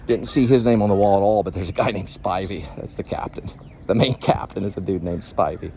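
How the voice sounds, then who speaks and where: A man's voice: sits low, fairly quick, gravelly, mellow, slight background noise. A man talking casually and angrily while driving, rambling and repeating himself in a ranting monologue. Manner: angry, rambling, repetitive. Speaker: vlogger, delivery driver. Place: in a car.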